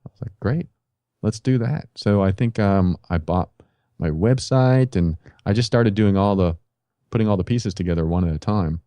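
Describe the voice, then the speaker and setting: A man's voice: fairly low pitch, normal speed, dark tone, clean tone, dry recording. A man guest on a podcast, telling his life story in a casual interview and acting out his own past reactions.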